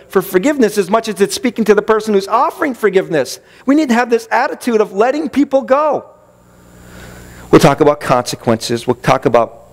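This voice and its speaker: A man preaching a sermon as pastor, emphatic, building long lists and acting out his listeners' objections. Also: on the high side. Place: church.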